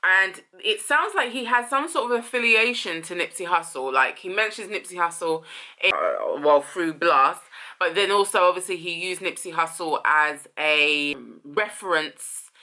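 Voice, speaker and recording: A woman's voice: lowish voice, normal speed, pushed and bright. A woman hosting a casual song commentary, thinking aloud, rephrasing and trailing off as she muses. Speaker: host.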